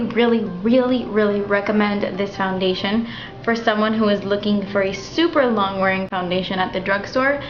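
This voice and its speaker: A young woman walking through a makeup tutorial in a chatty, relaxed way at home. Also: medium pitch, a little hiss or hum. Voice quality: chatty, relaxed, thinking aloud. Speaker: beauty vlogger. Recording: dull, slightly roomy home recording.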